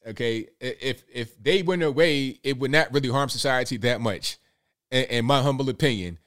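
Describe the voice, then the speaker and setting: A man's voice: mid-range voice, moderate pace, fairly bright tone. Male online commentator, casual and sarcastic, rambling delivery. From United States. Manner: rambling, sarcastic, many fillers and restarts.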